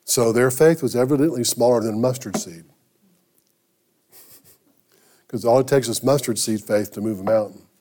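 Mellow-voiced male pastor telling a story. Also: mid-range voice. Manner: conversational, halting with restarts. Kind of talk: sermon with storytelling.

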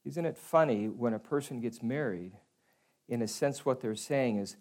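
Middle-aged guy preaching, earnest, regular mid voice, goes quiet and soft sometimes. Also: medium pitch, moderate pace. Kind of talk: sermon.

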